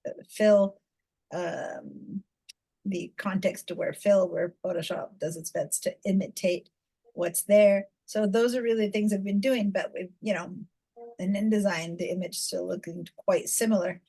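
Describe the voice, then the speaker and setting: A woman's voice: mid-range voice, steady tone, a little slow, dark tone, husky, low-quality recording. A woman teaching a design class over a video call, chatty, with many fillers and restarts. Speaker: design instructor. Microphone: computer mic on video call.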